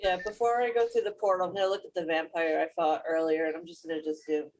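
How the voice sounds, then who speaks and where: A woman's voice: lowish voice, steady tone, fast, darkish tone, low-quality recording. A woman playing a tabletop game and making playful, joking remarks. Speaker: player. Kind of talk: casual game chat.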